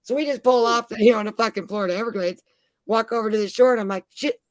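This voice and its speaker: A woman's voice: on the high side, fast talker, no room sound. A middle-aged woman, a mother, telling rambling, profane travel stories in casual chat.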